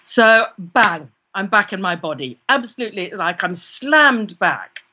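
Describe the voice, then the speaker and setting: Bright-voiced British woman telling a story. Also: medium pitch, expressive, unhurried, a little hiss or hum. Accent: British English. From Britain. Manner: vivid first-person storytelling with quoted inner voices. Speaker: guest, parapsychologist. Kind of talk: storytelling in an interview. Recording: dull lo-fi recording.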